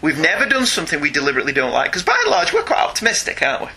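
A man's voice: a little high, wildly swooping pitch, racing, bright, forceful tone, husky. A man, co-hosting a casual podcast chat, reading listener emails and joking about them. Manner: chatty, self-deprecating, laughs often. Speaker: podcast co-host.

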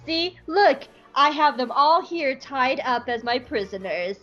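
A woman's voice: high-pitched, expressive, a little slow, a bit bright, soft background music, voice pushed up, exaggerated voice. A woman doing a flippant, smug villain. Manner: flippant, valley-girl casual menace. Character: smug male villain, casual and mocking. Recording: slightly muffled lo-fi recording.

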